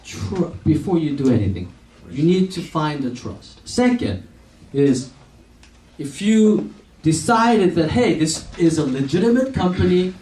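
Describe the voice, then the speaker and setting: In a fairly high, very animated, warm voice, a man in his forties, an optometrist, tells a company event audience a slow, chatty story. He laughs often and acts out the dialogue. The recording captures an echoey hall from far off, with faint noise.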